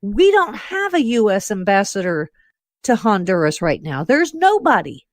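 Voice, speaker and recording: A woman hosting a talk radio show, speaking in animated, quick bursts with many fillers. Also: medium pitch. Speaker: radio host and intelligence analyst.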